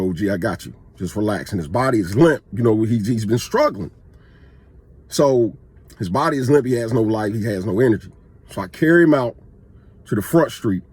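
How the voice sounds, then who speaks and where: Husky-voiced man telling a story. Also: medium pitch, dark tone, dry recording. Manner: conversational and emphatic, with frequent restarts. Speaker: vlogger telling a personal story. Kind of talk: casual spoken storytelling.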